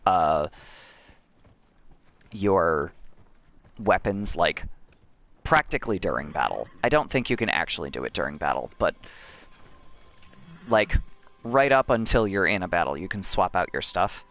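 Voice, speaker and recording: Man, lowish voice, casual gameplay commentary, rambling, lots of restarts. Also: big pitch swings, unhurried, long pauses, fairly bright tone. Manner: rambling, many restarts and self-corrections. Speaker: streamer.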